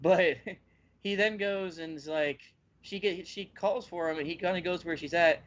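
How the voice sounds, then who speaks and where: A man with a fairly high voice chats casually as a podcast co-host. He retells scenes with animated, acted-out energy. The audio is dull and slightly lo-fi. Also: moderate pace. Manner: animated storyteller acting out scenes. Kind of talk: casual anime chat.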